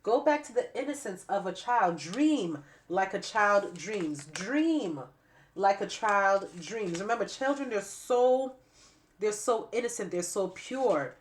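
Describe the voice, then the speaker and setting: A woman giving a spiritual tarot reading to camera with a stuffy nose and raspy throat, repeating phrases emphatically like preaching. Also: medium pitch, lively intonation, slow pace, a little hiss or hum. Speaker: tarot reader.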